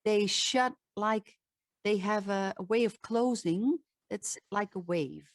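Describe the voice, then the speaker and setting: A woman with a Dutch accent speaks slowly and deliberately, a voice coach explaining and demonstrating how the voice works. Her pitch is mid-range for a woman. The sound is close and dry, with little room echo. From Netherlands. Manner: demonstrative, shifts pitch to show examples. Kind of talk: talk with vocal demonstrations.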